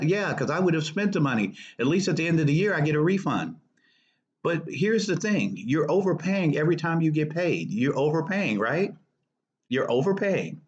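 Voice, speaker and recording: Male finance host, slightly higher voice, emphatic and repetitive, casual to-camera advice, lo-fi sound. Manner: emphatic, repeats key points, lively swings between high stresses and low asides. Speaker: personal finance show host. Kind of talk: casual direct-to-viewer advice talk. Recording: dull lo-fi recording.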